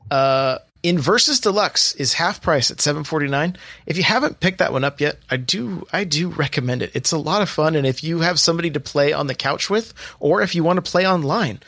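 A man's voice: fairly high pitch, animated, a little fast, creaky, fairly bright tone, no echo. A man hosting a casual podcast, reading off sale prices with lots of fillers and chat. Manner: chatty, reads sale prices with many fillers. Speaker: podcast host.

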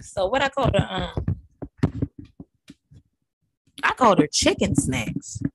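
A woman's voice: medium pitch, takes it slowly, background noise. Brash profane woman recapping reality TV. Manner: brash, profane, animated commentary. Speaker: podcast host. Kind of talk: casual reality-TV recap chat.

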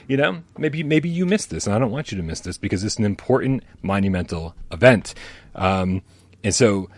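A man co-hosting a gaming podcast, chatting casually with quick asides and mock quoted voices. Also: fairly low pitch, no room sound. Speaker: gaming YouTuber and podcast co-host. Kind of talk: casual chat.

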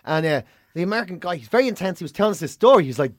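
A man's voice: high-pitched, racing, no echo, clean studio sound. A man co-hosting a podcast, chatting casually and telling stories with animation and frequent laughs. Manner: animated storytelling, laughing often. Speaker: podcast co-host. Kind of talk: casual chat. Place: radio studio.

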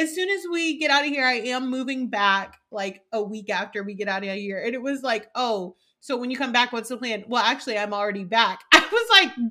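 A woman's voice: fairly high pitch, expressive, fairly quick, bright, forceful tone. A woman guest on a podcast, chatting casually and animatedly, laughing often and swearing freely. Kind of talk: casual chat.

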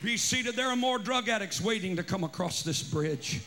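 A man preaching a revival sermon at a camp meeting, shouting with fervent energy. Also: high-pitched, lively intonation, normal speed, slight background noise. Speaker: pastor. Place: large camp meeting gathering.

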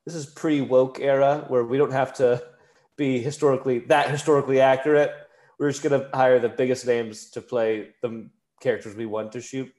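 A man co-hosting a casual movie podcast, explaining his view in a measured way. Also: medium pitch, level tone, darkish tone. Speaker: podcast co-host. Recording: roomy echo.

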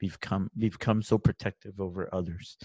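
A man hosting a podcast, chatting casually, telling animated stories and swearing freely, with Spanish phrases dropped in. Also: sits low, moderate pace, slightly rough, dry recording, clean studio sound. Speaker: podcast host. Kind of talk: casual chat.

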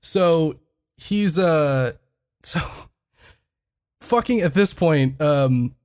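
A man on a podcast spins a story in loose, casual chat, laughing through it and swearing freely. His voice sits a bit high for a man and swings widely in pitch as he tells it. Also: animated, drawn-out words, a little mellow, clean tone. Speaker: podcast co-host.

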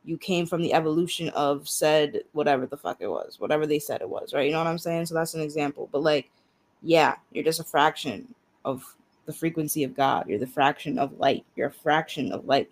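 A man's voice: fairly high pitch, a little fast. A man in a casual podcast conversation, chiming in animatedly and swearing casually.

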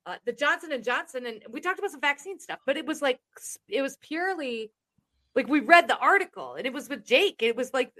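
A Texan woman hosting a live stream, talking loud and brash, swearing freely in casual chat. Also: high voice, lively intonation, brisk. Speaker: live show host.

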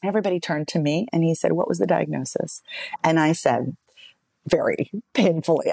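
Low-pitched woman in her thirties, voice coach guest, animated storyteller, dry close mic. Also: normal speed, creaky, breathy edge, no room sound. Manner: animated storytelling, wide pitch swings, expressive. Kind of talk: casual interview conversation.

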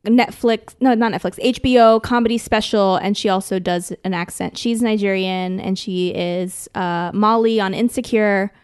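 Woman, podcast co-host, casual, teasing, giggly, mid pitch. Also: fairly even intonation, normal speed, few pauses, clear, resonant tone. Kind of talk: casual chat.

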